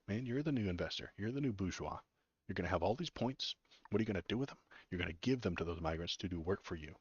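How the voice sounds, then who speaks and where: A man's voice: low-pitched, slightly rough, no room sound, lo-fi sound. A man hosting a casual political livestream, ranting with sarcastic, mocking disgust and chatting to his viewers.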